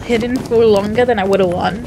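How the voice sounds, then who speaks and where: A woman's voice: mid-range voice, fairly even intonation, moderate pace, background noise. A woman playing along in a casual gaming chat, playful and teasing. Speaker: fellow player.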